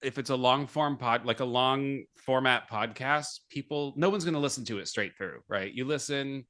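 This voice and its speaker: A man hosting a podcast, chatting casually, animated and laughing often at himself. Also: medium pitch, moderate pace. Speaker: podcast host.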